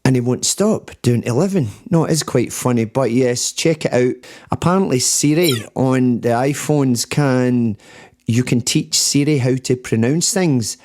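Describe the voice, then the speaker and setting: A man's voice: medium pitch, a little slow, a little mellow. A Scottish man hosting a reaction video, chatting in a rambling, casual way. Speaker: reaction channel host. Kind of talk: casual chat.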